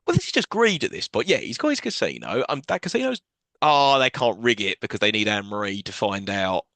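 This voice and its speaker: A man's voice: lowish voice, big pitch swings, brisk, a bit bright, dry recording. Sarcastic man recapping a film. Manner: swearing, recaps plot with sarcastic asides and jokey quoted voices. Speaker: podcast co-host. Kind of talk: casual film recap chat.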